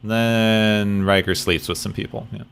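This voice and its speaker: Male podcast co-host, lowish voice, wry and dry, easygoing chat. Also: fairly even intonation, measured pace, gravelly, fairly bright tone, smooth. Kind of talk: casual chat.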